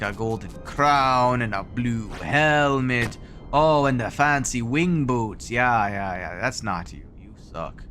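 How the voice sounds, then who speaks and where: A man's voice: mid-range voice, a bit bright. A man putting on a snooty, sneering accent. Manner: put-on foreign-sounding accent, slow and disdainful.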